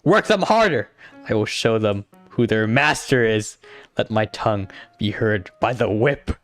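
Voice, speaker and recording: A man's voice: lowish voice, animated, measured pace, soft background music. A man doing a pompous tyrant king. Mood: haughty. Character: haughty tyrant king, cruel and proud. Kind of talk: dramatic reading with voices.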